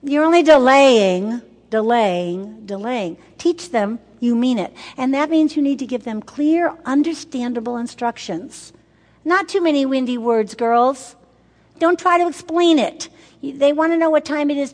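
A woman's voice: sits high, moderate pace, darkish tone. An older woman speaking to a group of mothers, emphatic and repetitive, asking the audience questions. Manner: emphatic, repeats words for effect, asks the audience questions. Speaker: women's ministry speaker. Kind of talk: teaching talk to mothers. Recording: long hall reverb.

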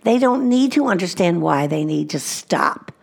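A woman's voice: on the low side, animated, normal speed, gravelly. A woman speaking at a conference, teaching mothers about Christian parenting in an earnest way and repeating her key points for emphasis.

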